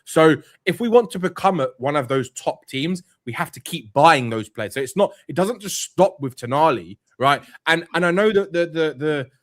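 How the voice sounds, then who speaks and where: A man's voice: fairly high pitch, lively intonation. A man co-hosting a football fan stream, arguing passionately, often stumbling and restarting his sentences. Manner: passionate, halting with many restarts. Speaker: co-host. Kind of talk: casual fan podcast banter.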